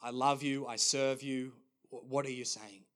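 A man's voice: medium pitch, steady tone, normal speed, a bit bright, close to an everyday voice. A man voicing an anxious older man in a dream story, stammering and protesting in a flustered rush. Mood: pleading.

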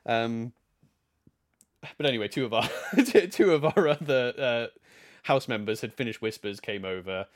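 A man co-hosting a casual podcast, talking at an ordinary male pitch. He rambles, restarts his sentences and laughs often. His speech is loose and chatty. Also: normal speed, long pauses. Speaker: podcast co-host. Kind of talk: casual chat.

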